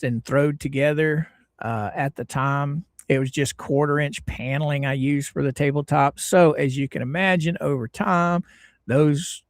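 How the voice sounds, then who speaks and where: A middle-aged man from Florida, hosting a casual livestream and greeting his viewers in a folksy, drawn-out way. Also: on the high side, no room sound, studio quality. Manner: folksy, drawn-out greetings, lively ups and downs. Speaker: livestream host.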